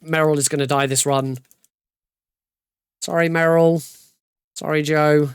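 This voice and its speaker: A man's voice: a little high, flat delivery, a little slow, clean tone, no echo, clean studio sound. A man giving casual, joking live commentary while playing through a video game speedrun. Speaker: speedrunner streamer. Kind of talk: live commentary over gameplay.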